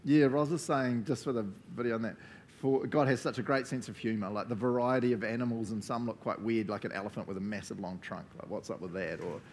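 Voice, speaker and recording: A man with a New Zealand accent leads a casual church session, asking the group questions and then praying. He sounds relaxed and chatty and ends many sentences with "eh?". His pitch sits in an ordinary middle range for a man. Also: fast, few pauses, a little hiss or hum. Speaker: church leader. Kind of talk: casual sermon with group discussion. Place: church gathering.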